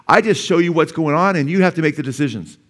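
A man's voice: fairly high pitch, animated, fast, fairly bright tone. Middle-aged guy pastor giving a sermon in church, talks casual, keeps asking the crowd stuff. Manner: conversational preaching, asks the congregation questions.

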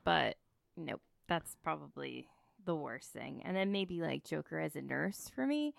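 A woman co-hosting a casual movie podcast, talking haltingly with trailing phrases. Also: low voice, lively intonation, gravelly, no echo, studio quality. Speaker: podcast co-host.

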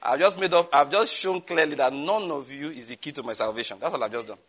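A pastor delivers an emphatic, animated sermon. His voice sits a little high for a man and sounds bright and forceful. He repeats words for stress and throws in quick asides. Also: breathy edge.

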